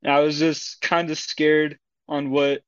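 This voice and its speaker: Male squad leader, slow and hesitant, lo-fi dry mic. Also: on the high side, flat delivery, smooth, no echo. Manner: hesitant, halting. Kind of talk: interview answer.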